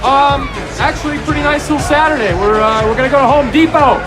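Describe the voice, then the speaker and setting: A wildly excited party guy. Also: extremely high pitch, fast. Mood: sheepish. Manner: shouting wildly, then sheepish and polite. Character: excitable middle-aged man at a party, torn then reckless. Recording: film clip with party music and crowd.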